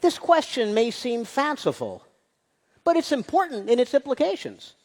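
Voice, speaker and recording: A high, slightly mellow voice with wildly swooping pitch speaks at a moderate pace, with a big-room sound, in a lecture-style public talk. Before an audience in a large hall, the speaker is emphatic, posing rhetorical questions and stressing key points.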